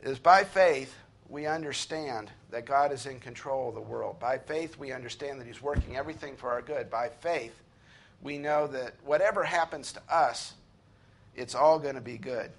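A man preaching an earnest sermon, slowing down and lifting his voice when he reads scripture aloud. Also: mid-range voice. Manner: earnest preaching, slows and rises to read scripture. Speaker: pastor.

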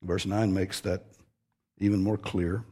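Husky-voiced man preaching emphatically. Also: sits low, flat delivery, unhurried, mellow. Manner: emphatic, earnest teaching with repeated stressed phrases. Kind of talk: expository sermon.

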